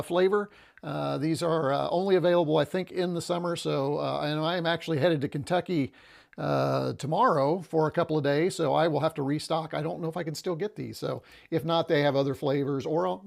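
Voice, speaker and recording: In a laid-back livestream, a man chats with viewers in a rambling, easygoing way, often stalling on "uh" and restarting his sentences. His slightly high voice has a gravelly edge, and he sounds a little out of breath. A small lapel mic captures him up close.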